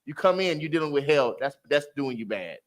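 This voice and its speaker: A man leads a Bible class, teaching in a lively, preachy style filled with street slang and loud exclamations. His voice is a little high and his pace fairly quick.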